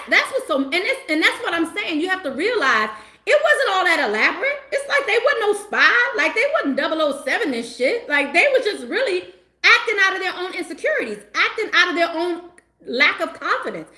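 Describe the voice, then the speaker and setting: A woman tarot reader chatting casually to her viewers, animated and emphatic, breaking into laughter and slang as she rants. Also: very high voice, echoey room. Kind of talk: casual livestream chat.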